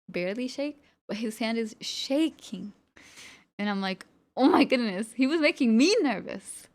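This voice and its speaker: A young woman streamer telling a personal story to her chat, animated and chatty, laughing and asking "you know?". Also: a little high.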